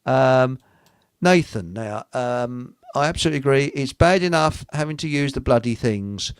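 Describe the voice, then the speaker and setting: A man's voice: mid-range voice, animated, moderate pace, clear, resonant tone, no echo. A man hosting a casual livestream, rambling, joking, swearing and reading out viewer comments. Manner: jokey, rambling, swears, laughs often. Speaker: livestream host.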